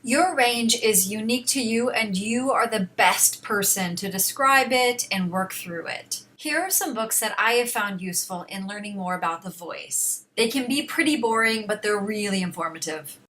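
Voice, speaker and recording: A young woman in her twenties, a singer and voice teacher, speaks calmly and directly to the viewer in a scripted wrap-up voice-over. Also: mid-range voice, moderate pace, hardly any pauses, a little hiss or hum. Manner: calm and direct, addressing the viewer.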